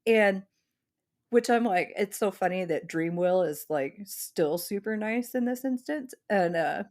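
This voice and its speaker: A woman's voice: mid-range voice, lively intonation, a little slow, darkish tone. A woman co-hosting a podcast, telling a long story in casual chat with lots of "like" fillers. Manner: rambling storyteller, many "like" fillers. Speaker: podcast co-host.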